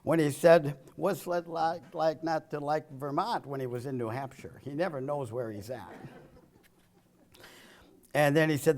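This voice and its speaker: A man with a slightly higher than usual voice giving a joke-filled political speech. He delivers one-liners, chuckles at his own punchlines, and drops from loud jabs to low asides. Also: unhurried. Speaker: political speaker.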